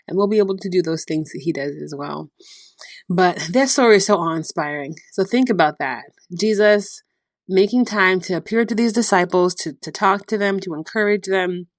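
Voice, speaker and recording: A woman hosting a devotional podcast, retelling Bible stories in a lively storytelling way with frequent laughter. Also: on the low side, dry recording, clean studio sound. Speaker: podcast host.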